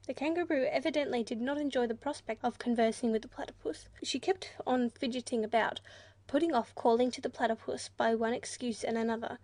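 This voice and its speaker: A woman narrates a children's storybook with a clear, measured delivery. Her voice sits high, and the recording is dry and close. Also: fairly even intonation, a little mellow, no room sound. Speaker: audiobook narrator.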